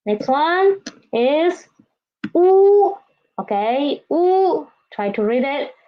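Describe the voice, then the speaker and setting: In a lively, high voice, a Vietnamese-speaking woman slowly walks beginners through Chinese, drilling phrases for them to repeat. She models each tone with deliberate exaggeration and plenty of patience. The sound quality is somewhat dull and lo-fi.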